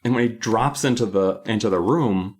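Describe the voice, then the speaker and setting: A man's voice: lowish voice, moderate pace, breathy edge. A man co-hosting a podcast, casually discussing a book and acting out the characters' lines. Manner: animated, acts out characters' lines. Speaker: podcast co-host.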